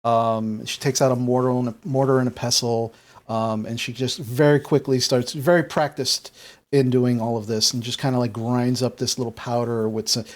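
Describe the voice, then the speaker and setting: Young guy running a tabletop rpg, rambly, lots of kinda and like, middle pitch. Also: little pitch movement, moderate pace. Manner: loose, full of fillers like "kinda" and "like". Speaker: game master. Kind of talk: narrating a tabletop game.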